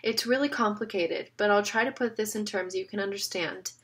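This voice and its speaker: A woman's voice: mid-range voice, fairly quick, a bit bright, close to an everyday voice. A woman reading the lines of an earnest man who patiently explains things. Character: earnest serious man, time-law enforcer. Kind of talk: audiobook reading.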